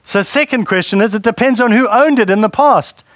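A man's voice: sits high, brisk, no echo, studio quality. A man preaching a sermon in a conversational way and putting questions to the congregation. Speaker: pastor.

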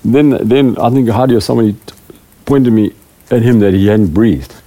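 A man's voice: fairly low pitch, normal speed, dark tone. A middle-aged man, a preaching elder, giving a rambling, self-deprecating talk to a small group of church leaders. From South Africa.

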